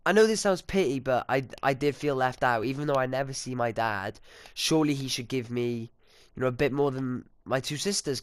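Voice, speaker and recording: A man's voice: medium pitch, smooth, no echo, studio quality. Indignant teenage boy telling a story. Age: teens. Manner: rambling, indignant, sweary. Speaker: vlogger. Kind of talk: casual storytime.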